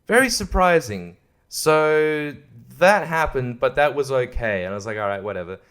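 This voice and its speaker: A man's voice: mid-range voice, lively intonation, moderate pace, fairly bright tone, clear, resonant tone. A man hosting his own podcast, ranting angrily and profanely, with mocking quoted voices. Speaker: podcast host. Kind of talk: angry comedic rant.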